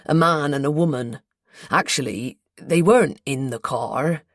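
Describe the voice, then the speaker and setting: A woman voicing an earnest, guarded local man with a North Devon accent, in a slow, confiding, colloquial way, for an audiobook. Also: low voice, dry recording, clean studio sound. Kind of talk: audiobook character voice.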